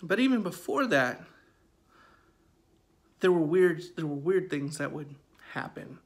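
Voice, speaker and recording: A man's voice: a little high, lively intonation, unhurried. A man in his forties telling a true ghost story in a conversational, emphatic way, often repeating his phrases. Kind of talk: casual spoken storytelling.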